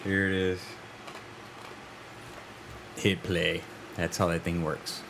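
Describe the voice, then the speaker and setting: A man's voice: sits low, flat delivery, vocal fry, noisy background. A man co-hosting a casual podcast chat, joking and laughing as he talks. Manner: joking, quick laughs, puts on voices. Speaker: podcast co-host.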